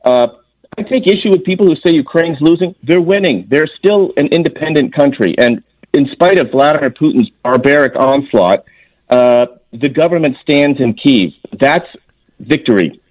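A man's voice: on the high side, moderate pace, darkish tone, dry recording, rough recording. A man speaking as a guest on a radio interview, earnest and emphatic, restarting phrases as he argues his point. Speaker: guest, former intelligence officer.

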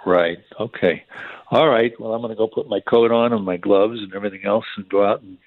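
A man's voice: fairly low pitch, steady tone, a little fast. A man calling in to a radio show, answering in short, friendly and agreeable replies over the telephone. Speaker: caller. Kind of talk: phone-in chat with a radio host. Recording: tinny phone line.

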